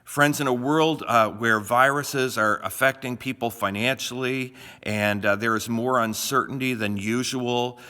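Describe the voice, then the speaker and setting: A man's voice: medium pitch, fairly even intonation, measured pace, hardly any pauses, sharp tone, clear, resonant tone. A middle-aged male pastor from Canada giving a short devotional talk in a conversational, folksy way, often restarting his sentences. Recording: long reverb, roomy.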